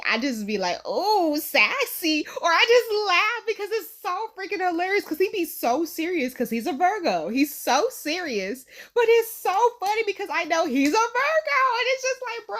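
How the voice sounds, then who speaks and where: A young woman hosting a reaction video, chatting casually with lots of slang, frequent laughter and sudden high squeals. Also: fairly bright tone. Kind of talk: casual chat to camera.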